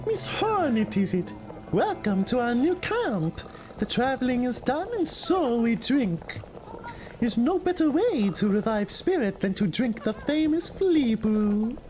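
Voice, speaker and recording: A man putting on a chirpy, high flea brewer. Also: sing-song, measured pace, darkish tone, soft background music, exaggerated voice, poor audio. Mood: hospitable. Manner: sing-song, broken grammar. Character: cheerful flea brewer, hospitable, broken speech.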